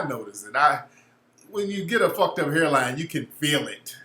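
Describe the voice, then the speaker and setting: A man, hosting a casual livestream and telling blunt, profane, animated stories. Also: a little high, moderate pace, roomy sound. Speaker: show host.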